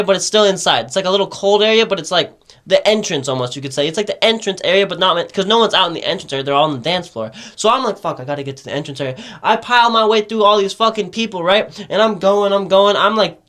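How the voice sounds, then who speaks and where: A man's voice: sits high, a bit bright. A young man telling a rambling, profane party story in casual podcast chat, peppering it with "right?".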